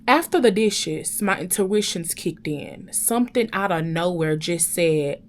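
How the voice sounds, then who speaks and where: A young woman telling a personal story to her viewers in an animated, chatty way, often calling out to them directly. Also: on the low side, a little slow, hardly any pauses. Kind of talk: casual storytime chat.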